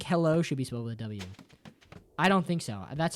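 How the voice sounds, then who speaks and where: A streamer with an expressive, slightly quick voice chats casually with viewers on a livestream. The banter is playful and jokey, full of swearing, with sentences ending in "bro" and pitch that leaps up and down dramatically.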